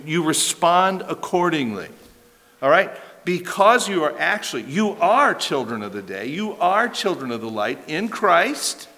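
A man's voice: on the high side, bright, forceful tone. A man preaching an expository sermon as pastor, emphatic and repeating key phrases for stress, recorded in a church hall.

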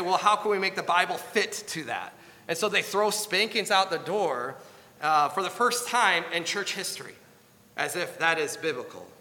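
Earnest preaching man, bright voice. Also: on the high side, in a large hall. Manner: earnest, pleading, with slow emphatic stresses. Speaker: pastor. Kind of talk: sermon.

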